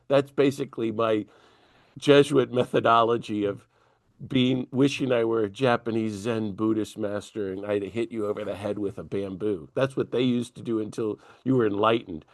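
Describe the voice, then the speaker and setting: A man's voice: fairly low pitch, moderate pace, no echo. A man, a priest, telling a story as an interview guest and acting out the dialogue with energy. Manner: animated storyteller who acts out dialogue. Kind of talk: conversational storytelling.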